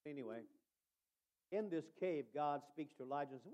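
A male preacher giving a sermon, calling out to listeners by name and swinging from hushed asides to shouted emphasis. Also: a little high, fairly quick, lo-fi sound. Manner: addresses listeners by name as brother.

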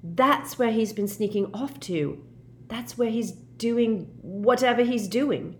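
A woman voicing an eager, determined teenage boy wizard who reasons out loud with quick excitement. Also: a little high, a little hiss or hum, voice pushed up. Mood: excited. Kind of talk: audiobook character voice.

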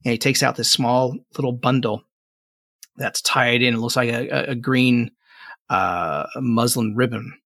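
A man's voice: mid-range voice, fairly even intonation, measured pace, fairly bright tone, no room sound, studio quality. A man narrating a tabletop game as game master, in a casual, rambling way with lots of fillers.

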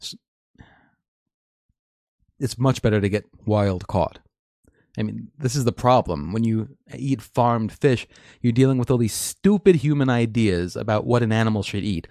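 A man's voice: medium pitch, moderate pace, long pauses, mellow, no room sound, studio quality. A man hosting a live stream, reading and commenting on news articles in an opinionated, rambling way, laughing often.

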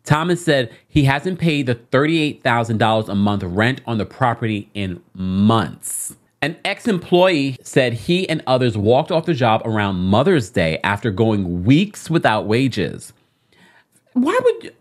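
A woman's voice: a bass voice, measured pace, hardly any pauses. A woman with a London accent co-hosting a podcast, reading a news report aloud and reacting to it as she goes. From England. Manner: animated, breaks off reading to react. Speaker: podcast co-host.

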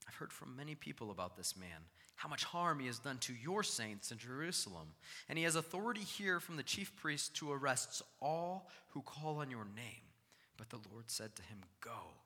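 Animated male preacher in a reverberant hall. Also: medium pitch. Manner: animated preaching, acting out scripture voices. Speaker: pastor. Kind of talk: sermon.

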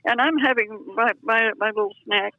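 An older woman telling a personal story in an interview, animated and acting out the voices of the people in it, on a dull lo-fi recording. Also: fairly high pitch, moderate pace, dry recording. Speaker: interview guest.

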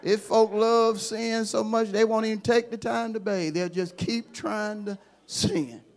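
A man, a bishop, preaching a sermon in a fiery call-and-response style that swings from hushed asides to shouting. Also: sits high, steady tone, unhurried.

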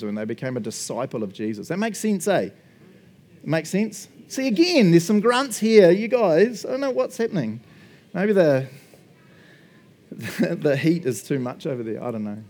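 Laid-back joking pastor preaching. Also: male voice, a little high, lively intonation, normal speed, a little mellow. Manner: chatty and jokey, tag questions like "right?" and "eh?"; laughs often, acts out little quoted exchanges. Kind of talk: casual sermon.

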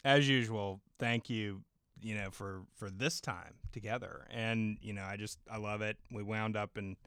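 A man's voice: on the low side, steady tone, normal speed, a bit bright, clear, resonant tone, no room sound, studio quality. Easygoing man podcast co-host. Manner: easygoing, agreeable, hesitant restarts. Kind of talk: casual chat.

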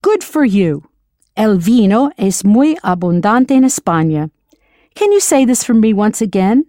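Woman, language teacher, scripted lesson, patient, spells out words, animated pitch, dry sound. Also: a little slow, no room sound.

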